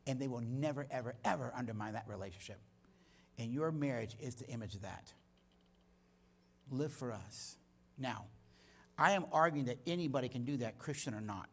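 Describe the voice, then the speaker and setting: An older man preaching a sermon in a church, telling stories with lively energy. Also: medium pitch, breathy edge. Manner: storytelling, animated. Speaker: guest speaker.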